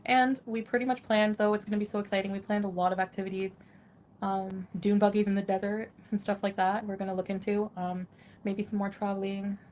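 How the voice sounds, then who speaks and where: A woman's voice: mid-range voice, flat delivery, fairly quick, a little mellow, a little hiss or hum. A woman, chatting casually on a livestream in a rambling, giggly way full of fillers. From Canada.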